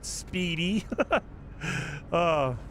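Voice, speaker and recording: A man giving casual gameplay commentary as a channel host, talking in an animated, exasperated rant. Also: a little high, very slow, slight background noise.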